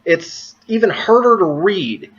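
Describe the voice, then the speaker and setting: A man's voice: high-pitched, big pitch swings, takes it slowly, husky, highs cut off. A man giving casual political commentary in a vlog, amused and exasperated, stumbling over his words. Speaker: vlogger.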